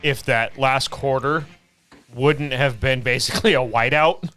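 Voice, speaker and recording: A man co-hosting a casual sports podcast, talking in halting bursts with frequent restarts. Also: mid-range voice, bright, forceful tone, soft background music. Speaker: podcast co-host.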